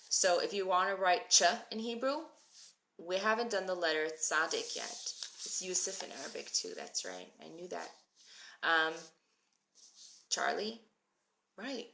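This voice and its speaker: A woman in her thirties with a lowish, sharp voice teaches a live-stream Hebrew reading class. She moved to Israel as an adult, and she chats with viewers, reading their comments and answering them by name.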